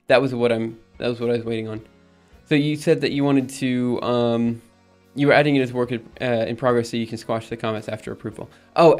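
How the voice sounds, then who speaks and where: Casual male streamer talking through plans, halting and self-correcting, soft music underneath. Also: medium pitch. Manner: thinking aloud, many ums and restarts. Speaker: streamer and project maintainer. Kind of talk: casual live-stream chat.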